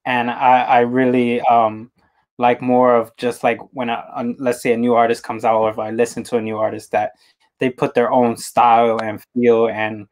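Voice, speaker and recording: A man hosting an interview, talking casually in halting, rambling sentences with many repeated words. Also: medium pitch, monotone. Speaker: interview host.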